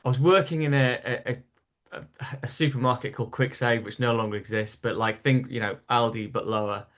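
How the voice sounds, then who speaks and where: A stand-up comedian from North East England tells an anecdote in a relaxed podcast conversation. He talks in an animated way, often restarting his sentences as he goes. His pitch sits in the middle range for a man. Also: a little fast. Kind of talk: storytelling in casual interview.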